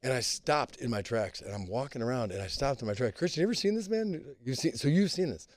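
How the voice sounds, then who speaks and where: A man, a guest on a casual podcast, telling a rambling story in an animated way. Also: mid-range voice, fast, dry recording, clean studio sound.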